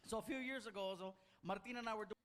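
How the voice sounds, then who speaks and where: Fast-talking high-voiced male comedian. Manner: animated storytelling, mimics yelling voices. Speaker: stand-up comedian. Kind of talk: stand-up comedy set. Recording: live club show with audience laughter. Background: audience laughter.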